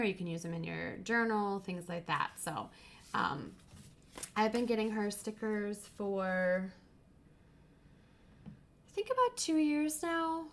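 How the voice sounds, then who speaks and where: A woman hosting a casual crafting livestream, gushing over stickers and sometimes dropping to a whisper. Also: lowish voice. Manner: gushing, drops to whispers over cute items. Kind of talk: casual live chat, unboxing happy mail.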